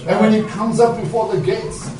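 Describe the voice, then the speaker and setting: High-voiced preacher in an echoey church. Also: male voice, little pitch movement, moderate pace, crowd noise. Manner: emphatic, storytelling, repetitive. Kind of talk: sermon. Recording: echoey church from far off, congregation.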